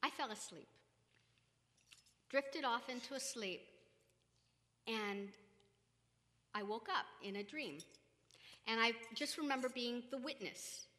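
Woman telling a family story, acts out the voices, kinda high and bright, echoey room. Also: slow, long pauses. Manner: animated, acts out quoted voices, laughs often. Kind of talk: spiritual storytelling with partner.

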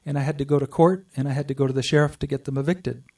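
A man gives an earnest personal testimony to a group, sharing a spiritual story in a mellow, mid-range voice with a steady tone. He pauses and restarts as he goes, and the mic sounds distant.

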